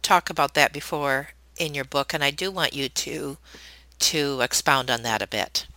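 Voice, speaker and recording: A woman hosts an interview in a low yet bright voice. She prompts her guest to expand and adds brief acknowledgements as he speaks. Her sound is dry and close. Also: normal speed, no room sound, low-quality recording. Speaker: host. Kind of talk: podcast interview.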